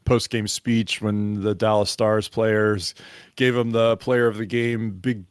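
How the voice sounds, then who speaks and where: Deep-voiced man chatting about hockey. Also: level tone, slow pace, clean tone, no echo, clean studio sound. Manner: chatty, laughs easily, rambling. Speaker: podcast co-host. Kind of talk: casual sports chat.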